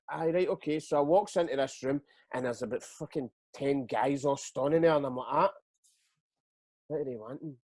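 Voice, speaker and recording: A middle-aged man from Scotland, a retired footballer, swaps career stories in a relaxed interview, cursing freely and acting out what other people said. His voice sits fairly high and has a slightly mellow quality. The recording is dry.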